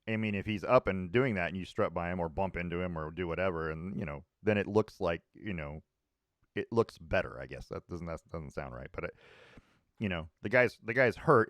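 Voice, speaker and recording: A deep-voiced man talks sports with a co-host in a loose, rambling way, often restarting his sentences. The sound is close and dry, with no room echo. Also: animated, fairly quick. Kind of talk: casual sports talk.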